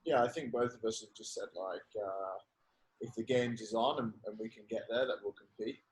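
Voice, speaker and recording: A man's voice: fairly low pitch, fairly quick, rough recording. A man who is a guest on a podcast, explaining things loosely with lots of fillers in a casual chat.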